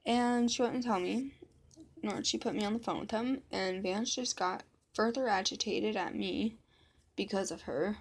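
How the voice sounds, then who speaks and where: Gravelly, blunt woman telling a story. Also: medium pitch. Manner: blunt, swears freely, quotes others in quick back-and-forth. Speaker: vlogger. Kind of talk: casual storytime vlog.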